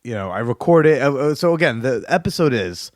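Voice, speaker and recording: Male podcast host, blunt and foul-mouthed, mid-pitched voice, dry close sound, for a candid storytelling monologue. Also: expressive, a little fast, a little mellow, dry recording. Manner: frank and profane, rambling with restarts.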